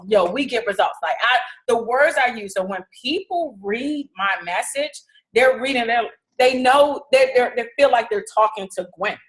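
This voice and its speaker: A woman's voice: fairly high pitch, animated, normal speed, low-quality recording. Woman coaching her team. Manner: casual, direct, repeats "okay?" to check understanding. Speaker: fitness business team leader.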